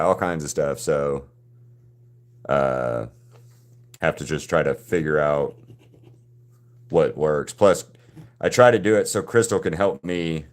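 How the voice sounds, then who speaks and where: A man hosting a live drawing stream, chatting casually with viewers and often restarting his sentences. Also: rumbling low. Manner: halting, frequent restarts and repeated words.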